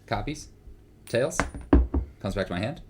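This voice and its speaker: A man's voice: lowish voice, lively intonation, measured pace, heavy background noise. A man playing a card game in casual chat, dry and wry, calling out his coin flips. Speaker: player.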